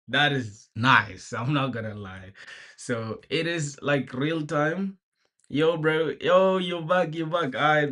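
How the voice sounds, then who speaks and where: A young man streaming himself programming, talking through his work in a laid-back, slangy way and greeting viewers as they arrive. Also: medium pitch. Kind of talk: casual live-stream commentary.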